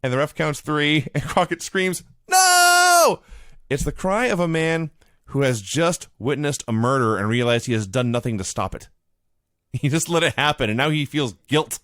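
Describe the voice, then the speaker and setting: A man co-hosting a casual chat show, telling stories with lively energy and shouting out the lines he quotes. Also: medium pitch, moderate pace, dry recording, clean studio sound. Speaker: podcast co-host. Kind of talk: casual chat recapping old wrestling.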